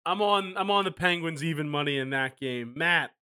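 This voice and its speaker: A man's voice: a little high, sharp tone, clean tone. A man hosting a casual betting podcast, moving things along and calling on each co-host for picks. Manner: brisk, moves the show along.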